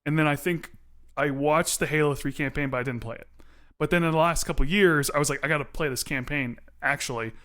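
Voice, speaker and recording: A man's voice: a little high, brisk, fairly bright tone. A young man co-hosting a casual podcast chat, talking enthusiastically and rattling off long lists. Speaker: podcast co-host.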